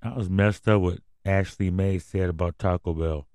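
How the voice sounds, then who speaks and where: A man's voice: low voice, fairly even intonation, normal speed, darkish tone, smooth, no echo. A man hosting a casual news commentary podcast, reading headlines and then going off on profane, rambling rants. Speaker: podcast host.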